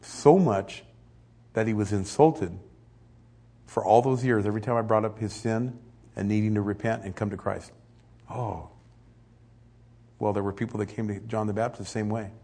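Husky-voiced man preaching a sermon. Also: fairly low pitch, moderate pace, pauses often. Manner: conversational, animated, acts out quotes. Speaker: pastor.

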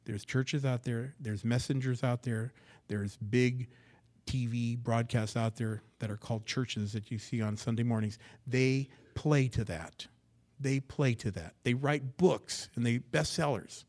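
A man delivering a sermon from the pulpit of a church. His voice sits at an ordinary middle pitch, and his delivery swings hard, climbing loud and high on emphatic words, then dropping low and hushed to drive a point home. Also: unhurried. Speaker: pastor. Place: church sanctuary.

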